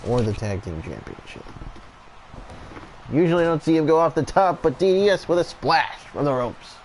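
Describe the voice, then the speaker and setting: A man doing relaxed, chatty play-by-play commentary over a wrestling video game, going off on tangents now and then. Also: fairly high pitch, normal speed, slight background noise.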